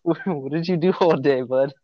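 A man's voice: fairly high pitch, normal speed, no echo, highs cut off. A man co-hosting a casual podcast who teases his drunk friend and laughs at crude jokes. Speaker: podcast co-host. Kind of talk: casual chat.

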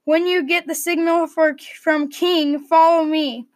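A woman reading the part of a brave, loyal young male knight who shouts orders. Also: very high-pitched, steady tone, measured pace, no room sound. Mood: urgent. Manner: shouting commands.

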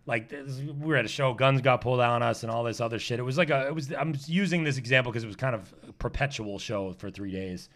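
A man's voice: mid-range voice, quick pace, hardly any pauses. A man, a podcast guest telling rowdy stories in casual chat, swearing and laughing as he goes. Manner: animated, swearing, laughing storyteller.

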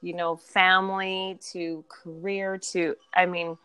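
A woman's voice: lowish voice, slow, clean tone, dry recording, low-quality recording. Chatty woman telling stories. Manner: animated storyteller, acts out quoted friends. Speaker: podcast guest. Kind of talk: casual chat.

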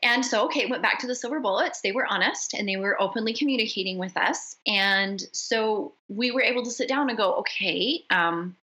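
Bright-voiced middle-aged woman storyteller. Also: on the high side, fairly quick, hardly any pauses, poor audio. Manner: lively storyteller who acts out family dialogue. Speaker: podcast guest. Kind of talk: casual conversation.

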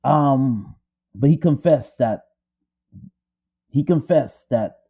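Guy telling a story all dramatic, repeats stuff, husky voice, pitch all over. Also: expressive, slow pace, long pauses. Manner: emphatic, repetitive, building suspense. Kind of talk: dramatic spoken retelling. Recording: dull lo-fi audio.

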